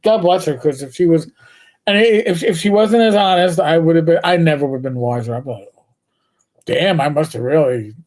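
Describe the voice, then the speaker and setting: A man's voice: fairly high pitch, fairly quick, darkish tone. An older man hosting a live stream, telling joking, profane stories in easy conversation. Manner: joking and profane, tells stories with lots of restarts. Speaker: show host. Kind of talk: casual live-stream chat.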